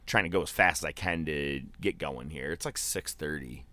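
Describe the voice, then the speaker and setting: A man telling a long story in casual podcast chat, loose and animated, with swearing and filler words. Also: rumbling low, moderate pace, no echo.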